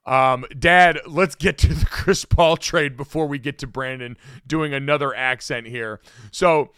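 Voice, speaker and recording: A man's voice: medium pitch, a little slow, fairly bright tone, smooth, no echo, studio quality. A man hosting a sports podcast, chatting casually and steering the talk between topics. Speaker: podcast host.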